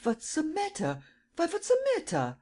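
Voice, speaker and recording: A narrator voicing a poor, excitable old German man with a German accent who stammers and splutters in bursts. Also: very high voice, normal speed, pitched above the performer's own voice, heavily acted. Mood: surprised, eager. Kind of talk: audiobook character voice.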